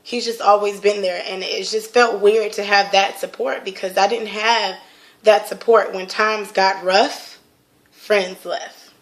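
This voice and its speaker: A young woman earnestly sharing a personal testimony in casual, rambling talk full of fillers. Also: medium pitch.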